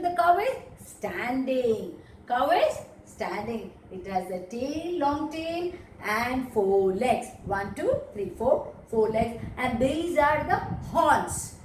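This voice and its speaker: Slow sing-song teacher, echoey. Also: female voice, high voice, very animated, darkish tone, distant mic, a little hiss or hum. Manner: sing-song, slow and emphatic with animal sounds. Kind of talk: teaching young children.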